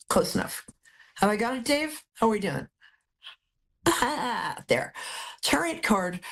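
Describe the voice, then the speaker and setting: A woman's voice: low-pitched, slightly rough. A woman hosting a live call-in tarot reading, chatty and affectionate, a little out of it after a hospital stay. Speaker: psychic reading host.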